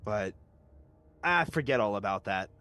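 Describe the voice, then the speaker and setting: A man's voice: fairly low pitch, animated, unhurried, bright, forceful tone, soft background music. A man playing a tabletop game, describing his half-elf rogue in character in a playful way. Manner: playful, breaks into character voices. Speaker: player.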